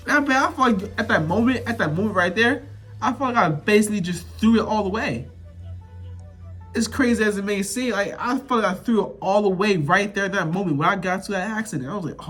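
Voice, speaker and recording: A young man tells a story straight to his viewers, loose and slangy, circling back on his own phrases for emphasis. His voice sits high for a man and has a husky edge. Soft music plays faintly underneath. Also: normal speed. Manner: animated, repetitive, slangy, addresses viewers directly. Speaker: vlogger telling a story. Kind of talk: casual storytime monologue.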